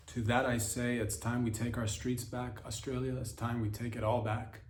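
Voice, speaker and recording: A man's voice: mid-range voice, a little mellow, reverberant, a little hiss or hum. A man hosting a comedy podcast, delivering absurd mock-serious rants in a rambling way, full of restarts and fillers. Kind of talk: absurd deadpan comedy monologue.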